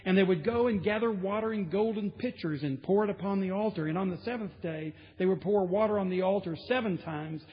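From the pulpit of a large church sanctuary, a pastor preaches emphatically, building intensity through repetition. His voice sits high and he speaks briskly with few pauses. The sound is dull, with long hall reverb.

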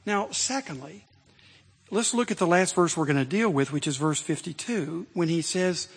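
Male pastor, high-pitched, husky voice, emphatic sermon delivery, long church reverb. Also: expressive, moderate pace. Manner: emphatic preaching, swelling to loud exhortation.

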